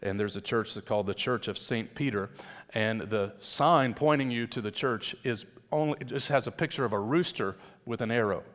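A man delivers a sermon in a relaxed, conversational way, often asking his listeners rhetorical questions. His voice sits at a middle pitch and carries a long reverb, as if he is speaking in a church sanctuary. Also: normal speed. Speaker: pastor.

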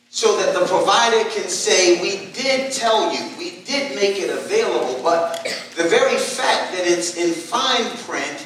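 A man with a fairly high voice preaches to his congregation in a relaxed, joking way. He is heard from a distance in a very reverberant church, with faint background noise. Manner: conversational, humorous preaching with asides. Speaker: pastor. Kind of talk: sermon. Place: church sanctuary. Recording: echoey church hall from a distance.

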